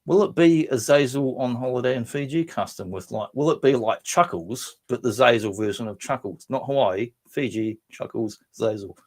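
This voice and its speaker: A man's voice: medium pitch, normal speed, few pauses. An Australian man hosting a casual live stream, rambling and joking about himself while reading out viewer comments, his voice a little strained. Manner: rambling, self-mocking, bursts into silly voices. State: voice strained after drinking. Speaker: livestream host.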